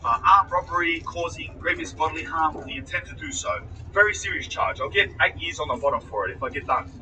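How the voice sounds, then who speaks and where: A man's voice: fairly high pitch, quick pace, recorded from a distance, background noise. A man telling a story in casual, profane talk, acting out other people's lines as he goes. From Australia.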